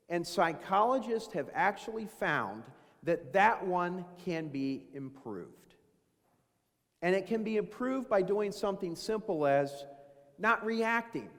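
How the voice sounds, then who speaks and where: Folksy man speaking in a reverberant hall. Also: sits high. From Dayton, Ohio. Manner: folksy storytelling, self-deprecating asides. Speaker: keynote speaker. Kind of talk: motivational business talk. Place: large event hall.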